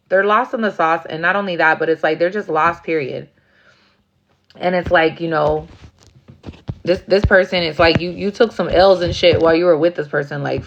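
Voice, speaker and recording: A woman's voice: lowish voice, dull audio, slight background noise. A woman giving a casual tarot reading, blunt and profane, acting out rowdy asides. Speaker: tarot reader.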